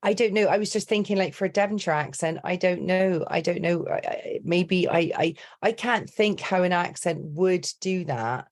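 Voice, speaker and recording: A middle-aged woman, a coach, chatting on a podcast in a lively storytelling way. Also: on the low side, moderate pace, hardly any pauses. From Britain. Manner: chatty, animated storyteller who slips into accent impressions. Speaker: accent and dialect coach, guest. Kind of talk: casual podcast chat.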